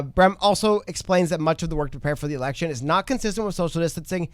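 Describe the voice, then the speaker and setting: A man's voice: high-pitched, no room sound. A man hosting a political podcast, talking through the news in a casual, incredulous way and putting on quoted voices. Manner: fast, lively, incredulous, often puts on quoted voices. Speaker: podcast host.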